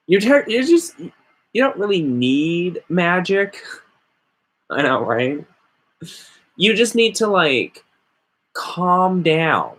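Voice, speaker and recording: Husky, rambling man chatting casually. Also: fairly high pitch, slow, pauses often. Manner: rambling, animated, mock-quoting others. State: stoned. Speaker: host. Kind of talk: casual chat.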